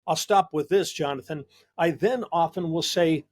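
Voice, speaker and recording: A man's voice: fairly high pitch, moderate pace, few pauses. A male psychologist hosting a discussion show, talking earnestly and emphatically, often repeating a word as he starts a sentence. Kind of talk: conversational discussion.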